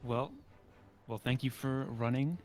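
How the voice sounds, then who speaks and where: A man with a mid-range voice hosts a gaming marathon stream. He speaks in a relaxed, casual way, with occasional fillers as he thanks the runner and introduces the next run. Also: medium pitch, unhurried. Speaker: marathon host. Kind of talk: event hosting.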